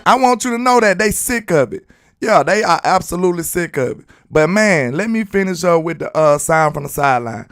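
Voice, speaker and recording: A man with a Southern US accent hosting a casual livestream sports commentary. He talks in an animated, slangy way and breaks into sing-song shout-outs. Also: high voice, a little fast, no room sound, studio quality, faint music behind. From Alabama. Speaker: sports channel host.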